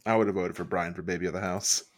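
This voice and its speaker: A man's voice: sits low, fast talker. A man co-hosting a podcast, chatting casually and goofing around with joke voices. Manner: goofy, animated, does joke voices. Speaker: podcast co-host. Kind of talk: casual chat.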